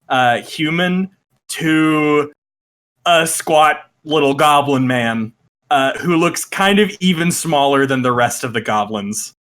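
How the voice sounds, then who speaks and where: A man narrating as game master of a tabletop game, laughing often and filling pauses with uh and like. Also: fairly high pitch, fairly bright tone.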